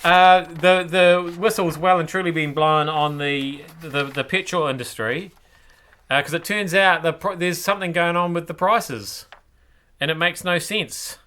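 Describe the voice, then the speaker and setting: A New man hosting a comic news show, with a high and bright voice. He wanders through the stories with stumbling restarts and dry little asides. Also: fairly even intonation, a little slow. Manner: rambling, hesitant, wry asides. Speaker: comedy show host.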